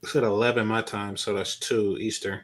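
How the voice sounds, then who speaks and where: A man's voice: lowish voice, little pitch movement, normal speed. A man joining a casual live-stream chat as a guest, polite and hesitant, with many fillers.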